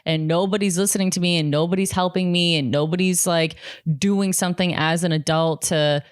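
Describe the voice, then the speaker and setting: A woman's voice: lowish voice, fairly even intonation, brisk, clean tone, no echo, studio quality. A young woman vlogger talking frankly about her feelings, swearing often and saying "like" a lot. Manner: frank and profane, heavy use of "like". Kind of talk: candid personal monologue.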